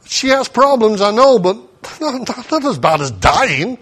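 A male preacher delivering a sermon, telling a story with animated acted-out voices and laughter. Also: high-pitched, unhurried, hardly any pauses.

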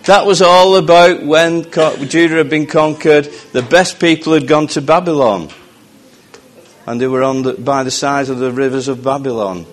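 A man giving a sermon in a conversational way, slowing down when he reads scripture. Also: on the high side, fairly even intonation. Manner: conversational, slows down to read scripture. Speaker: preacher.

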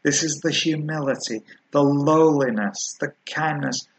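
A man preaching a sermon, earnest and measured, slowing down to stress key words. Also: fairly high pitch, poor audio.

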